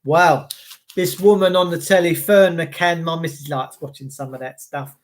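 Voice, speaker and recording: A man's voice: fairly high pitch, fairly even intonation, moderate pace. An English man ranting in a monologue, swearing and firing repeated rhetorical questions in an indignant tone. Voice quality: coarse, sweary. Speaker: commentator.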